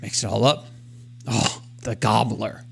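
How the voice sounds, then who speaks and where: A man's voice: lowish voice, fairly even intonation, measured pace, vocal fry, a bit bright, slightly rough. A man co-hosting a podcast, telling a self-deprecating story in casual chat and acting out his own thoughts as he goes. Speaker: podcast co-host.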